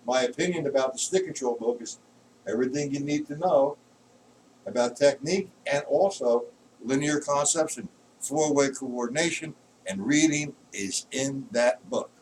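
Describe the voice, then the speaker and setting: A man teaching drums in a live-streamed lesson, explaining patterns patiently and counting beats aloud loudly while he plays. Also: mid-range voice, moderate pace, slight background noise. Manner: explains patiently, checks if students follow. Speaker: drum teacher. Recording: distant mic with loud drumming.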